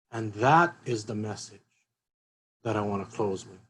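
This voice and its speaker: A man's voice: on the low side, measured pace, pauses often, rough recording. A man giving an earnest, emotional talk at a seminar. He repeats his key phrases as he speaks. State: emotional, voice catching.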